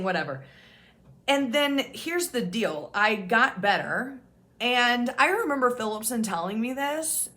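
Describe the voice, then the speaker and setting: A woman's voice: mid-range voice, lively intonation, a little slow, bright, forceful tone. A woman speaks straight to her viewers in an open, unguarded way, telling her own story as a peer support host. She talks casually and swears now and then, with small self-mocking laughs along the way. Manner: frank and casual, swears freely, laughs at herself. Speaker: OCD peer support specialist and channel host. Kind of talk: candid personal storytelling to camera.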